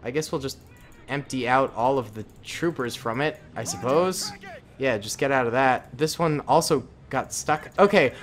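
A young man from the Boston area giving relaxed, chatty, self-mocking gameplay commentary as the host of a gaming channel. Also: mid-range voice, moderate pace, faint music behind. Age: young adult.

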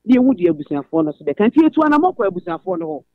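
A woman's voice: medium pitch, sing-song, very fast, no room sound. Ghanaian woman caller on a tinny phone. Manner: earnest, recounting family troubles at length. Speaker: radio caller. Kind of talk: phone-in personal story, code-switching. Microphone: telephone. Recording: tinny phone line, dry.

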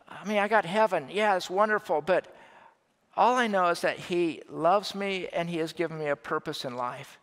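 A male pastor delivers a relaxed, humorous sermon, talking to his congregation as if chatting with friends. His voice sits slightly higher than most men's. The church reverb trails after every phrase. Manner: conversational, joking, checks in with "all right?" and "okay?". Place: church sanctuary.

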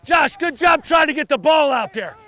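A man's voice: extremely high pitch, expressive, moderate pace, pushed and bright, no room sound. A man coaching football at an outdoor practice through a body mic, barking short commands and praise at his players. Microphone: body-worn mic.

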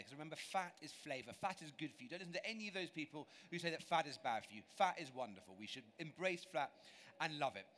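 A man's voice: on the high side, bright, forceful tone, a little hiss or hum. A man from England giving a live cooking demonstration on a show stage, chatty, enthusiastic and self-deprecating as he talks through his dishes. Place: large exhibition stage.

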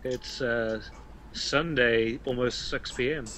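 A man's voice: mid-range voice, steady tone, slow pace, pushed and bright, rough recording. A man joining a casual online chat as a guest, teasing and playful.

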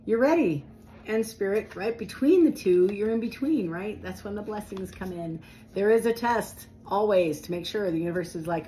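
A woman giving a casual, animated tarot reading, talking straight to her viewers in a chatty way. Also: medium pitch, normal speed, slight background noise, low-quality recording. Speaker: tarot reader.

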